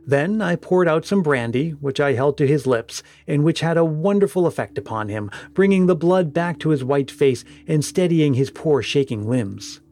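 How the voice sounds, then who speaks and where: A man reading a ghost story aloud in a steady, grave narration. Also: fairly high pitch, normal speed, few pauses.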